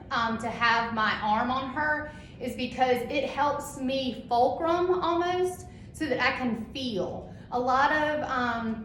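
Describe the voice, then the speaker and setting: A woman instructor, demonstrating a procedure to a class in a loud, upbeat teaching voice that she sometimes softens to soothe a patient. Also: a little high. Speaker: dental assisting instructor. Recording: echoey room with faint noise.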